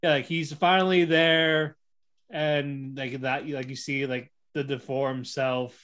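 A man casually recapping an anime episode, excitable, acting out the characters' lines and laughing often. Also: medium pitch, slow, smooth. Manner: excitable storytelling, acts out quotes, laughs often. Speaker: podcast co-host reviewing an anime. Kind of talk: casual chat.

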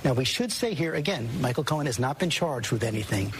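A man reporting as a TV news anchor, measured and emphatic as he recounts an interview. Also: mid-range voice, expressive, a little hiss or hum.

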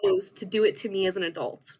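A young woman, a podcast guest, telling an emotional personal story in an earnest, halting way with many restarts. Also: medium pitch, fairly even intonation, a little mellow, husky.

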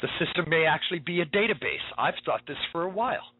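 A man hosting a talk radio show, preaching with urgency and a lot of repetition. His voice sits a little high and sounds husky. The audio is dry and narrow, like a phone line. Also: lively intonation, fast, dry recording.

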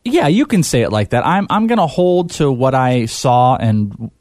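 A man's voice: medium pitch, big pitch swings, normal speed, a little mellow, no room sound, clean studio sound. A man hosting a casual sports chat, rambling and hesitant with lots of fillers. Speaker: podcast host.

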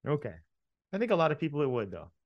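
A man's voice: a little high, very animated, fast talker, dry recording, lo-fi sound. Hesitant, playful male podcast co-host. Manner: hesitant, playful, sets up bits. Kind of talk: casual comedic chat.

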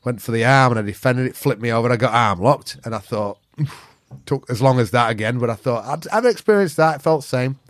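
A man's voice: medium pitch, brisk, few pauses, dry recording, clean studio sound. A middle-aged man with a Yorkshire accent, a podcast guest telling stories in a blunt, sweary way. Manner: blunt, sweary, northern dialect grammar. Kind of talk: casual storytelling.

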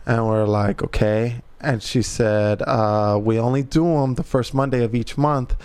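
A man and father co-hosting a podcast, telling an animated anecdote full of slang and swearing. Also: medium pitch, measured pace, smooth. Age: adult parent. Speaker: podcast co-host. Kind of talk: casual storytelling chat.

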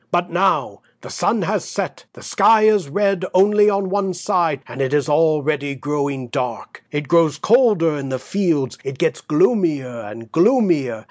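A male narrator reads a classic tale in slow, measured tones. His voice sits slightly high for a man. The recording is dry and close, with no room sound. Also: dry recording. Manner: measured, deliberate storytelling. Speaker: audiobook narrator. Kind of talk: scripted narration.

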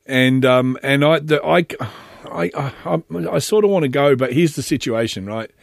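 A man's voice: medium pitch, normal speed, gravelly, dry recording, clean studio sound. An Australian man hosting a casual solo monologue, chatty and rambling, often breaking off to restart his sentences. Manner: rambling and chatty, with many self-interruptions and restarts.

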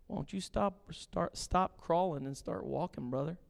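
A man preaching a sermon, animated, switching between quiet asides and loud acted-out quotes. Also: fairly high pitch, normal speed, creaky, few pauses, in a large hall. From grew up on a farm. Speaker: pastor.

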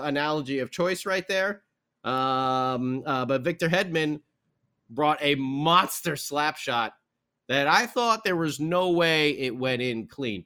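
A man hosting a podcast, recapping a hockey game in a rambling, animated way with lots of fillers and restarts. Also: on the high side. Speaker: podcast host.

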